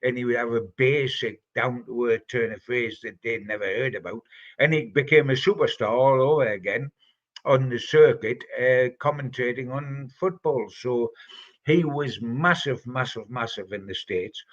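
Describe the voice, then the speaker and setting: The audio is dull as an older Geordie man from North East England talks at a normal speed in a medium pitch. A football pundit on a fan podcast, he answers listener questions with chatty, rambling stories, warmly looking back.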